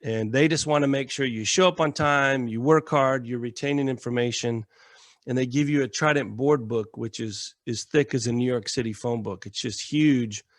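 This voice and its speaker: An American military veteran appears as a podcast guest, telling stories casually and animatedly, acting out quotes and swearing freely. His medium-pitched voice moves at a moderate pace in a studio-quality recording with no room sound.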